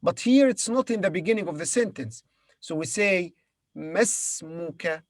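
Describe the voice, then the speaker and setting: A man's voice: sits high, expressive, brisk, no room sound, studio quality. A man teaching Arabic to beginners, patiently sounding out each word and repeating it for his learners. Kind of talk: beginner language lesson.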